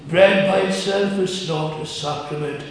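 Slow earnest preacher in an echoey church. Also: male voice, high voice, steady tone. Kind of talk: communion sermon. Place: church sanctuary. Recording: very echoey church, distant mic, faint hiss.

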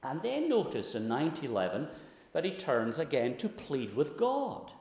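A man preaching an expository sermon, earnest, rising to high emphatic pleading when he quotes scripture. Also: wildly swooping pitch, normal speed, a little mellow. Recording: echoey hall.

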